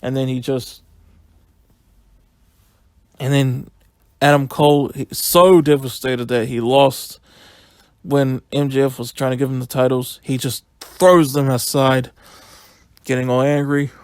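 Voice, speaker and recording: A man giving a casual, excitable solo review, retelling events in a rambling, chatty way. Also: mid-range voice, measured pace, long pauses, clean tone, no echo, clean studio sound.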